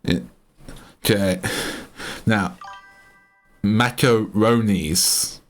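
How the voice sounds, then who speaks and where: A man's voice: lowish voice, extremely slow, soft background music. An Australian man chatting casually on a live stream, rambling and often cutting himself off mid-sentence. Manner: rambling, self-interrupting, chatty.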